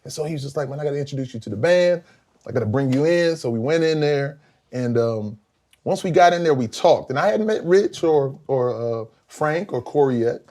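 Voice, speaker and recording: Animated older man telling stories. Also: medium pitch, a little fast. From Columbia, South Carolina. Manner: animated storyteller, acts out voices, laughs often. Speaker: guest musician. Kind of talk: storytelling interview.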